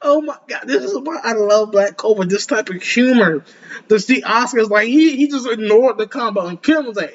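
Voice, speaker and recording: A young man giving casual, excitable commentary as an anime reaction host, rambling and laughing often. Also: very high-pitched, normal speed, lo-fi sound.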